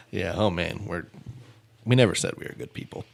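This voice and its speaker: A man's voice: low voice, gravelly. A man hosting a true-crime comedy podcast, joking casually and laughing often. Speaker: podcast host.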